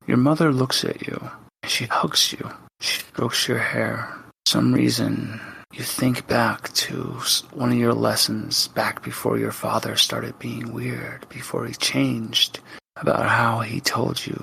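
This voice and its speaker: A man's voice: medium pitch, slow, gravelly, sharp tone, slightly rough. A man narrating a tabletop game as game master, speaking dramatically to the player and often dropping to a whisper.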